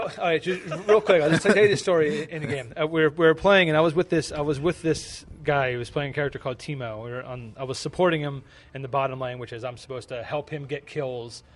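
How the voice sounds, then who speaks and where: A young man from the United States co-hosting a podcast, chatting casually and rambling with lots of fillers and repeated words. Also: a little high. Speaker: podcast co-host. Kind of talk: casual chat.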